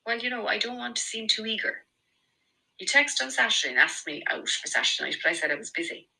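A woman's voice: on the high side, animated, fast talker, creaky, pushed and bright, voice pushed up, exaggerated voice, rough recording. A woman doing a coy, bubbly Irish girlfriend. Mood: chatty.

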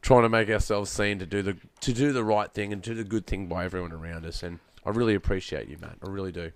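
A young man hosts a relaxed podcast chat. His voice sits a little low and comes through smooth and resonant, recorded dry and close with no room sound. He rambles along with plenty of fillers. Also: quick pace, no echo. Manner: laid-back, rambling, lots of fillers. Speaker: podcast host. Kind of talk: casual chat.

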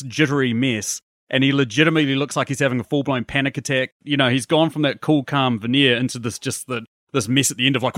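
A man hosting a casual film podcast, animated and acting out characters' reactions as he talks. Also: medium pitch, no room sound, studio quality. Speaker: podcast host.

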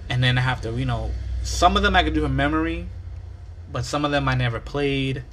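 A man's voice: medium pitch, fairly quick, a bit bright, slight background noise. A young man hosting a casual solo podcast, rambling through a story in a self-mocking way and swearing freely. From New York area. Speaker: podcast host.

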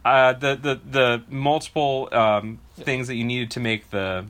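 A man's voice: mid-range voice, steady tone, unhurried, fairly bright tone, smooth. A man co-hosting a casual podcast, joking and teasing the others and laughing often. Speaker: podcast co-host.

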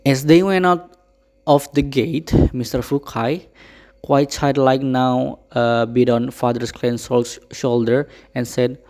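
A man, practicing reading a book aloud, halting and correcting himself as he goes. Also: medium pitch, fairly even intonation, darkish tone. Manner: halting, self-correcting, emotional. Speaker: reader.

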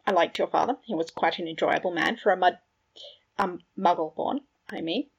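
A woman's voice: lowish voice, moderate pace, vocal fry, husky. A woman reading a fan fiction audiobook, voicing a cold, dismissive older wizard father with stiff politeness. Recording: dull lo-fi recording.

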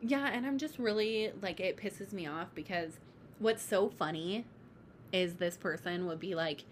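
Young woman, low-pitched, chatty and profane, unscripted podcast feel, light noise under the voice. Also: measured pace. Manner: chatty, heavy on "like", swears freely. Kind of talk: casual candid chat. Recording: faint background noise.

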